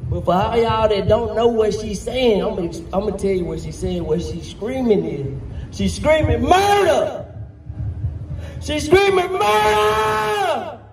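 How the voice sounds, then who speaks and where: Speaking for his deceased brother, a man whose voice sits high addresses a public rally with defiant passion, his delivery swelling into shouts at moments. He's captured from far off, with echo and outdoor crowd noise.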